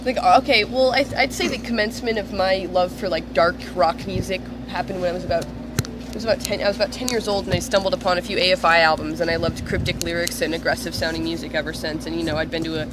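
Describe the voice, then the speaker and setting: A woman's voice: on the low side, steady tone, fast talker. A young woman singer in a band with a stuffy, nasal voice from a cold, answering interview questions eagerly and casually. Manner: eager, gushing. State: congested from a cold. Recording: noisy street background.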